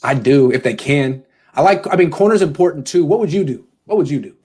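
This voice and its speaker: A man's voice: on the high side, animated, a little fast, a little mellow, slightly rough. A man hosting a casual call-in show from home, talking loosely and joking as he takes callers. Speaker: host.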